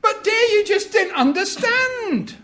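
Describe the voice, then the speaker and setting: A flustered husband with a high, excitable voice, as a preacher puts him on. He swings from breezy confidence to frantic protest, his pitch jumping all over the place. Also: slow pace, exaggerated voice. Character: flustered husband minding the kids.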